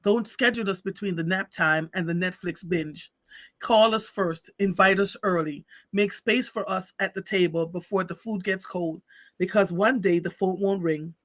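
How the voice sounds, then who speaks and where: A man with a high, bright, ringing voice reads a story aloud to his livestream audience. He takes it slow, with heartfelt pauses, on a close, dry mic. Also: no echo. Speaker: livestream host. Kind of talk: reading a story aloud, then chatting with viewers.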